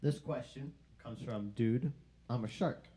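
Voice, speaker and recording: A man's voice: medium pitch, unhurried. A man co-hosting a casual livestream, reading viewer questions in a laid-back, dry way. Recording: loud guitar music behind.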